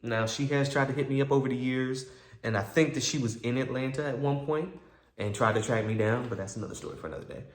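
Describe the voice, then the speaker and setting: A man telling a personal story to his viewers in a casual, animated way, acting out both sides of old conversations. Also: mid-range voice, fast talker, reverberant.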